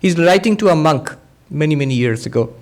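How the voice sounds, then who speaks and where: A monk teaching a spiritual discourse, patiently explaining ideas through everyday examples and quoted dialogue. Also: male voice, a little high, lively intonation, fairly quick. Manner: acts out quoted speakers in dialogue.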